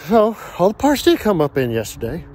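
A man's voice: sits high, huge pitch swings, brisk, darkish tone, slight background noise. A man ranting casually and profanely about his work week while grilling outdoors. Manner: profane, heated storytelling. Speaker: vlogger.

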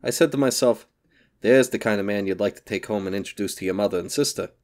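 Guy reading a brooding old gangster, kinda low voice, slow and gloomy, storybook. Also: darkish tone, natural voice. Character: older male gangster, gloomy and sentimental.

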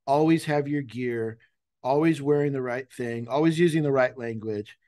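A man's voice: mid-range voice, moderate pace, dark tone, no echo. Easygoing male podcast host, dry sound. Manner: easygoing, chimes in with short agreements. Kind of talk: conversational interview.

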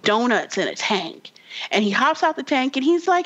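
Chatty woman podcast host, animated storyteller. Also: high-pitched, a little fast, muffled recording. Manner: animated storytelling with many fillers, acts out game characters. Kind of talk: casual chat.

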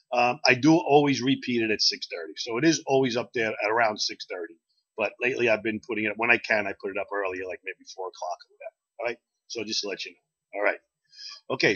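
A man's voice: medium pitch, a bit bright, breathy edge, dry recording. A man hosting a bar's daily video, chatting casually and telling a joke in a folksy, chatty way. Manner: chatty, fast, folksy with corny openers. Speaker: bar host. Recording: dull lo-fi dry sound.

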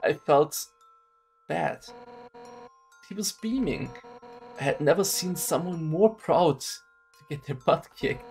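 A man reading a game's lines aloud, voicing a hot-headed female guard captain in a brash, loud, teasing way. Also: on the high side, expressive, takes it slowly, gravelly, long pauses, soft background music, exaggerated voice. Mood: reminiscing. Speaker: streamer reading game dialogue aloud. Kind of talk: let's play voice reading.

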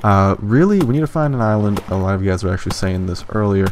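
A man's voice: fast, a little hiss or hum. Swearing young man narrating his game. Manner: excitable, swears often, jumps into a high yelp when frustrated. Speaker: gaming YouTuber. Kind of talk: let's play commentary.

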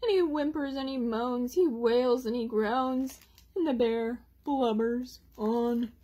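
A woman reading picture books aloud to children, expressive and asking them little questions. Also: a little high, slow. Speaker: children's storytime reader.

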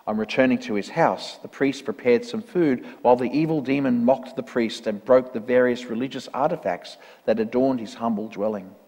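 A man reads a parable aloud in a church, in a measured, earnest way. His voice sits at an ordinary middle pitch. A long church reverb follows his words. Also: creaky, darkish tone. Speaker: reader in a church service.

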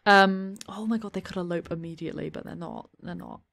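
A young woman giving chatty let's play commentary, often slipping into quick asides in her characters' voices. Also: fairly low pitch, vocal fry, fairly bright tone. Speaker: gameplay commentator. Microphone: desk USB microphone.

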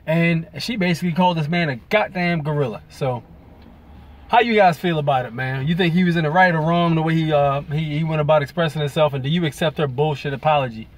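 A man's voice: on the high side, fast talker. A man venting in a profane, rambling commentary to his viewers. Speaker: video blogger. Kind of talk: ranting commentary to camera.

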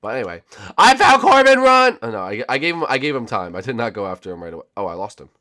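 A man hosting a gaming channel, giving excitable gameplay commentary and often repeating his words. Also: fairly low pitch, racing. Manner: excitable, repeats himself a lot.

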